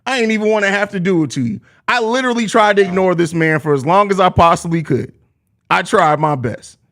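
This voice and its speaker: A man's voice: high voice, brisk, a bit bright. A young man hosting a live postgame show, talking casually, laughing often and launching into profane, repetitive trash talk at a viewer. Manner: repeats himself, laughs often. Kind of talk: casual live-stream chat, reading viewer comments.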